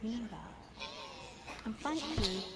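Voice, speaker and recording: An actress voicing a sly, seductive female villain who mocks and tempts, in a drawn-out teasing delivery. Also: fairly high pitch, sing-song, creaky, reverberant, heavy background noise, full character voice. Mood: taunting. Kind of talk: video game voice acting. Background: loud game music.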